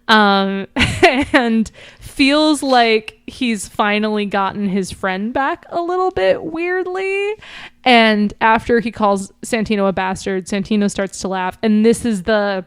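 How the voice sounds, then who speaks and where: A woman's voice: mid-range voice, measured pace, clean tone, dry recording, studio quality. Chatty woman recapping a story. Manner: chatty, lots of likes and ums, acts out quoted lines. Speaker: podcast co-host summarizing a book. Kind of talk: casual chat recapping a story.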